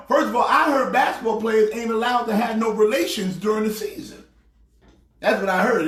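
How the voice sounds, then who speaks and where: A man playing a loud, excitable pastor ranting about sports teams. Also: high voice, roomy sound. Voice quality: preachy, shouting rant. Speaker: comedic sports pastor character. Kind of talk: comedic sports rant.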